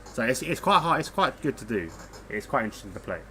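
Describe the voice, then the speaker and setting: A man's voice: mid-range voice, very animated, quick pace, background noise. A young man co-hosting a casual podcast, laughing often and swearing freely, with British slang. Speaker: podcast co-host.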